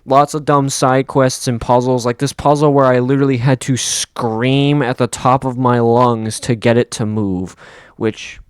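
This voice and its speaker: A man's voice: mid-range voice, fairly even intonation, a little slow, clear, resonant tone, dry recording, studio quality. A young man narrating a casual, joking game review voice-over in an upbeat, slangy way. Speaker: gaming video creator.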